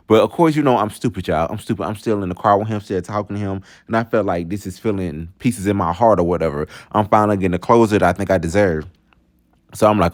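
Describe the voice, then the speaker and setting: A young man with a deep voice tells a personal story to his viewers, chatty and full of fillers. The recording is close and dry. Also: a little fast, a little mellow, dry recording. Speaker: vlogger telling a story. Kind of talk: casual story time.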